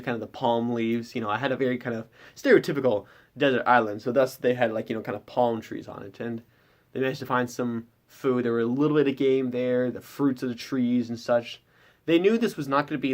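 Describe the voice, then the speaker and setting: A man narrating as game master, recapping a tabletop session in a loose, rambling way with lots of filler words. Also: medium pitch. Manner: rambling, heavy with fillers like "kind of".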